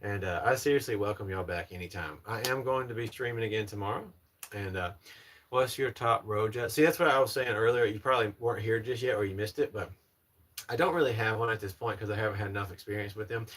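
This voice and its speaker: A man's voice: fairly low pitch, fast, a bit bright. Young man from North Carolina chatting. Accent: Southern American. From North Carolina, USA. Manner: polished presenter voice, answering chat comments. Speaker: livestream host. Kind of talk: casual livestream chat.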